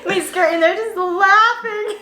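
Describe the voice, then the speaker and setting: A woman's voice: very high voice, unhurried, pushed and bright, echoey room, a little hiss or hum. A young woman hosting a casual chat, telling stories with lots of fillers and laughs. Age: young adult. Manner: chatty storytelling with frequent laughter and fillers. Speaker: channel host.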